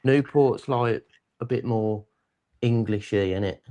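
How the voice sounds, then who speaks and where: A man co-hosts a casual stream, dropping dry, laid-back remarks. He reads viewer comments aloud in an easy, mid-pitched voice. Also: unhurried, dark tone. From Wales. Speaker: stream co-host. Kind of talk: casual chat.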